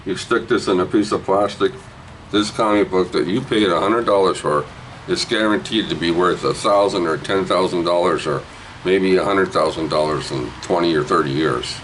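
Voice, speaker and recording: Brief: deep-voiced man, rambling joker selling a comic at home, faint hiss behind. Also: poor audio. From Canada. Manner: jokey, rambling, swings from low mutters to loud hype. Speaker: vlogger auctioning a comic book. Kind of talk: rambling casual sales pitch.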